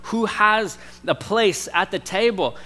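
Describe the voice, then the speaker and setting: Bright-voiced preacher man in reverberant church. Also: high-pitched, animated. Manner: conversational preaching, swings from loud emphasis to soft slow stress. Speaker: pastor. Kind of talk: sermon. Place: church sanctuary.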